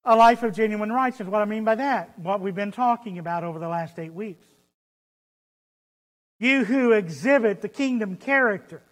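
A preacher gives a sermon at a moderate pace in a medium-pitched voice, hammering home points with repeated phrases and rhetorical questions. The recording carries a long hall reverb.

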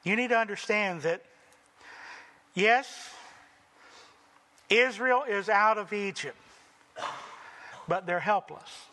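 A man preaching a sermon slowly and deliberately, acting out the people's voices in dramatic quotes. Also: high voice, bright, forceful tone, long reverb tail, a little hiss or hum. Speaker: pastor.

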